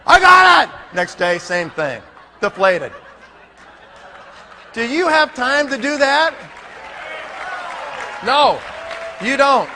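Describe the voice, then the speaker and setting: A man's voice: extremely high pitch, very animated, very slow, long pauses, crowd noise, noisy background. A man giving a folksy motivational speech to a live audience, punchy and full of rhetorical questions. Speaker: network marketing leader. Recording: long hall reverb.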